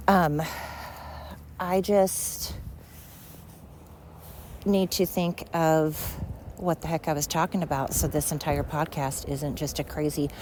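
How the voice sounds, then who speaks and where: A woman talks her way through a solo podcast on a night walk, her voice a little low and her breathing heavy. She chats and jumps between thoughts with a self-mocking tone, over faint outdoor ambience. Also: steady tone, slow, long pauses, a little mellow, slight background noise. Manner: scattered, chatty, self-deprecating. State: out of breath from walking uphill. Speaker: podcast host.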